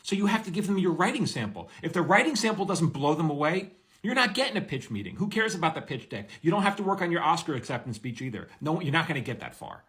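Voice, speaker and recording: A screenwriter giving blunt, energetic, wisecracking advice straight to the camera. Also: male voice, a little high, fast. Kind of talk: direct-to-camera advice monologue.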